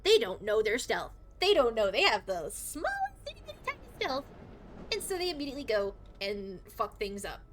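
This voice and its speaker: A woman's voice: on the high side, wildly swooping pitch, normal speed, noisy background. A young woman streaming a game live, talking to chat while she plays, exclaiming, swearing and ranting about her teammates. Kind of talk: live gameplay commentary.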